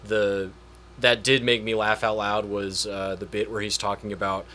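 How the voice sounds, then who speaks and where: A man's voice: fairly low pitch, flat delivery, normal speed, sharp tone, a little hiss or hum. A man chatting casually on a podcast, rambling with lots of repeats and fillers. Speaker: podcast guest. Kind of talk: casual chat.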